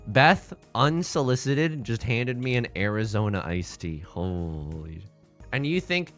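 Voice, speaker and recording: Animated, joking young male streamer. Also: mid-range voice, slow, soft background music. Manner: jokey, animated, talks to chat and reacts loudly to tiles. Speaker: Twitch streamer. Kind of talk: casual live-stream commentary while playing mahjong.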